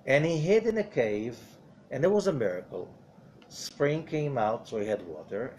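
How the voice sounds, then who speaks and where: A man's voice: medium pitch, darkish tone, slight background noise. A man, a rabbi, teaching a Zohar study lesson in a conversational way, often asking rhetorical questions.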